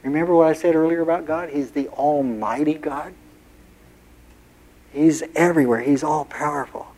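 A man's voice: a little high, warm tone. A pastor preaching a sermon in an earnest way, repeating key phrases and telling stories to make his point.

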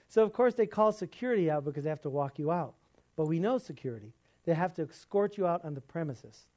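Middle-aged male preacher, casual storytelling sermon, a bit high-pitched and warm. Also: a little fast. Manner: conversational storytelling, animated quoting.

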